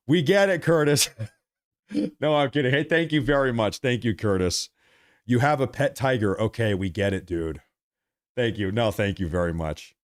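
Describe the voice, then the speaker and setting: A man hosting a live stream, reading viewer super chats aloud and teasing viewers in a joking, repetitive way. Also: mid-range voice. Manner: joking, teasing, repeats his thank-yous. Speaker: livestream host.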